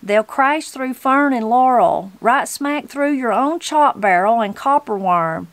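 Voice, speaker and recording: A woman's voice: on the high side, lively intonation, unhurried, no echo, voice pushed up. A woman voicing a fierce, shrewd elderly mountain granny. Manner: plain-spoken, stubborn.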